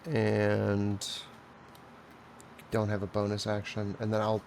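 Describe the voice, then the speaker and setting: A man playing a tabletop game, thinking out loud slowly and deliberately about his turn. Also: lowish voice, completely flat delivery, vocal fry, slight background noise. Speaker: player.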